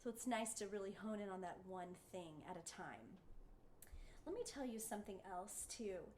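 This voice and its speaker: A woman's voice: medium pitch, animated, moderate pace, darkish tone, slight background noise. A woman giving a singing lesson, encouraging her students and showing them the sounds with sung vowels. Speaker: voice teacher.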